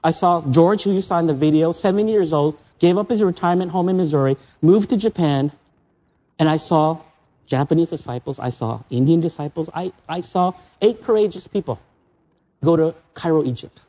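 American preacher guy in his 50s, high-ish voice, chatty storytelling sermon. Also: a little fast, dark tone. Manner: conversational storytelling, repeats words. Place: stage under spotlights.

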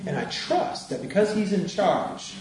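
A man's voice: high voice, sing-song, a little slow, a crowd in the background. A male minister giving a sermon as a conversational storyteller who laughs as he tells a personal story. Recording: echoey room from a distance.

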